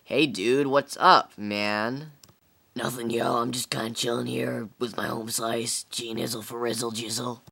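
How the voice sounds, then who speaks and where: A man's voice: mid-range voice, fairly even intonation, unhurried, creaky, bright, forceful tone, heavily acted. A man voicing a laid-back, slang-heavy young dude character who drawls his words. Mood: chill.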